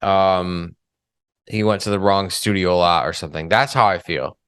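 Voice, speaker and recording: Low smooth-voiced man, dry sound. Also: normal speed, dry recording. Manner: relaxed, hesitant, many fillers. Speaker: podcast co-host. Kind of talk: casual film discussion.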